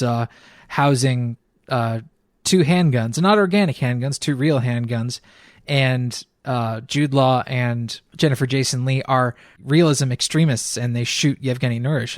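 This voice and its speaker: Movie podcast co-host guy, wry jokey asides, mid pitch, super dry sound. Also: no echo. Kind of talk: casual film review chat.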